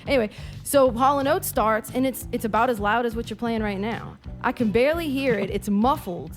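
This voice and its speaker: A woman in a casual podcast chat, telling stories in an animated, profane way. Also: a little high, brisk, soft background music.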